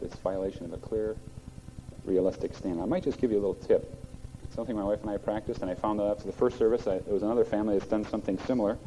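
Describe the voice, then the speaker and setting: A middle-aged male pastor preaching in a plainspoken, folksy way. His voice sits a little low and sounds very dark and mellow. It comes through a dull, muffled old cassette recording. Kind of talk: sermon.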